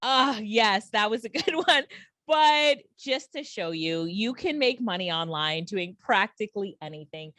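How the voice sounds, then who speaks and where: A woman's voice: medium pitch, expressive, unhurried, fairly bright tone, no echo. Upbeat woman, dry close sound. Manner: enthusiastic, laughs often, asks the viewer questions. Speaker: online business trainer. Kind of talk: casual reaction and training.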